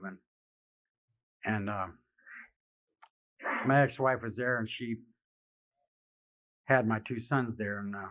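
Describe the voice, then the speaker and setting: A man giving a live personal testimony speech at a convention, wry and self-mocking, growing halting and emotional with many restarts. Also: lowish voice, a bit bright. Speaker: speaker sharing his recovery story. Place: convention hall. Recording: dull lo-fi archival recording.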